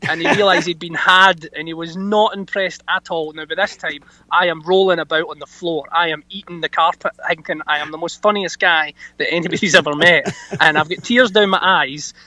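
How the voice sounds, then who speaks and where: A Scottish man, an actor, telling stories in a chatty, animated way during an interview. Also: on the high side, brisk, few pauses, no room sound. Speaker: actor guest. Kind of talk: casual anecdote-telling interview.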